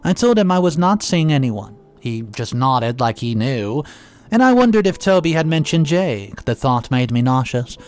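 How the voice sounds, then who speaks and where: A man narrating a first-person story in an expressive, dramatic reading with occasional restarts. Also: medium pitch, moderate pace, smooth, faint music behind.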